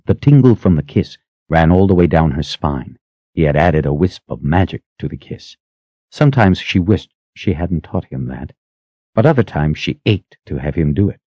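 A man narrates a fantasy novel with a very deep voice and a lively, expressive delivery. The reading is dramatic and carefully scripted. The recording is dry, with a slightly dull, muffled tone. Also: normal speed, breathy edge, no room sound. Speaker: audiobook narrator.

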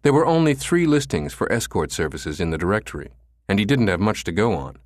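Male audiobook narrator, low pitch, dry close recording, measured reading. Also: very animated, no room sound. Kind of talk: scripted narration.

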